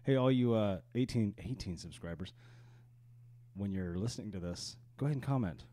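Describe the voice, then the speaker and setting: A man's voice: lowish voice, normal speed, dark tone. A man co-hosting a casual podcast, teasing and laughing often as he argues his point. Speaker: podcast co-host. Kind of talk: casual chat.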